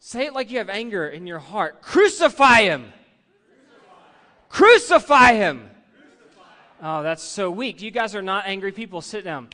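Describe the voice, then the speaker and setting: Bright-voiced male pastor in a reverberant hall. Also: high-pitched, fairly quick, few pauses. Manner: conversational, leads the congregation in call-and-response. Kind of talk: sermon. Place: church sanctuary. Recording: long reverb of a large hall.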